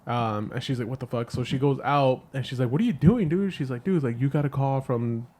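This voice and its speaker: A man's voice: mid-range voice, steady tone, brisk, darkish tone. A man casually retelling a film plot on a podcast, rambling with lots of "like" and swearing. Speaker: podcast co-host. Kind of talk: casual movie review chat.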